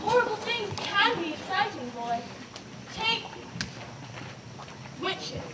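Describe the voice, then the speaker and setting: A woman performing a doting old grandmother in an amateur camp play tells scary witch stories in a very high, very animated, heavily acted voice. Her storytelling is slow and dramatic, with emphatic drawn-out words and an ominous mood. A far camera in the audience hall captured it, along with faint hiss.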